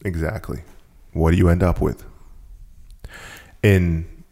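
A man with a very deep, gravelly voice tells a story as a guest in a relaxed conversation. He talks with energy and often restarts or repeats his phrases as he goes. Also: slow pace. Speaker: guest telling a business story.

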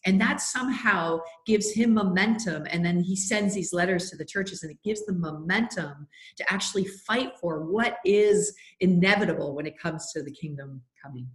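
A middle-aged woman speaking as a podcast guest, earnest and heartfelt, telling stories with plenty of "like" and "you know". Her voice sits a little low, and it rings with a noticeable roomy echo. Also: normal speed. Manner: earnest, heartfelt, with many fillers. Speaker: guest, faith leader and anti-trafficking advocate. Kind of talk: podcast interview, storytelling.

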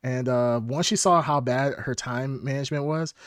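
A man in mid-range pitch spins animated anecdotes on a livestreamed podcast, laughing often and swearing freely. The sound is dry and close, with no room around it. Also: normal speed, no echo. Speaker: podcast host. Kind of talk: casual storytelling chat.

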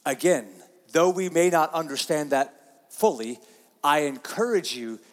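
A man's voice: a little high, animated, unhurried, long reverb tail. A man preaching a sermon, earnest and repeating himself, reading scripture aloud. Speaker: pastor.

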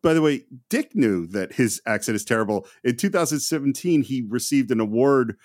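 A man's voice: medium pitch, expressive, brisk, darkish tone, dry recording, studio quality. A man hosting a casual film podcast, chuckling often as he shares trivia eagerly. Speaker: podcast host.

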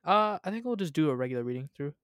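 A young man hosting a show, chatting casually and reading a childhood story aloud in a relaxed way. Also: a little high, racing, clean tone, no room sound, clean studio sound. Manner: relaxed, laughs at his own reading.

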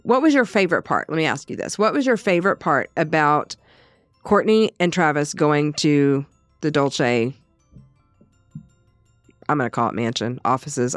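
A woman's voice: low-pitched, no room sound, studio quality. A woman co-hosting a podcast in casual chat. She is easygoing and agreeable and sometimes trips over names. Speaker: podcast co-host.

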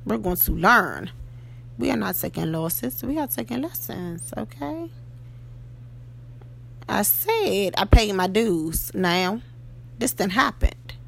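Woman w/ a really gravelly voice, slow deliberate talk, faint hum behind, keeps saying "okay?". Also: medium pitch, lively intonation. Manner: emphatic, keeps asking "okay?" and "you know?". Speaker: podcast host. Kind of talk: motivational monologue.

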